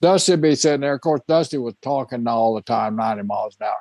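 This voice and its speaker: A man with a mid-range voice tells a relaxed anecdote, chuckling along. The sound is dry and close to the mic. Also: medium pitch, quick pace, no room sound. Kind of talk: casual storytelling.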